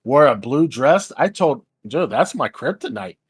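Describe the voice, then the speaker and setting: A man's voice: on the high side, very animated, unhurried, husky, dry recording, clean studio sound. A man hosting a stream, rambling in casual, crude chat and laughing easily. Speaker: stream host.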